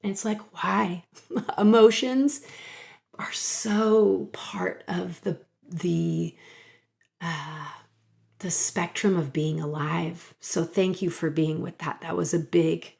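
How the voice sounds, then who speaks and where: Middle-aged woman, podcast host, slow unhurried pace, slightly low voice, gentle and emotional, personal storytelling. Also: vocal fry. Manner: soft and slow, drops to a whisper in places; emotional, laughs and sighs while sharing.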